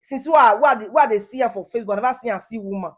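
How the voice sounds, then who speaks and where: A woman's voice: fairly high pitch, rapid-fire. Scolding Nigerian Pidgin woman vlogger. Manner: scolding, animated, repeats herself. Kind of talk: commentary vlog in Pidgin English.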